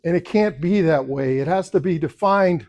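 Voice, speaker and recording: A man with a fairly high speaking voice gives a campaign speech to a luncheon crowd. He tells stories in a conversational way and acts out the other people's lines as he quotes them. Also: moderate pace, darkish tone. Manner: storytelling, acting out quoted voices. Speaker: political candidate. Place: luncheon event room.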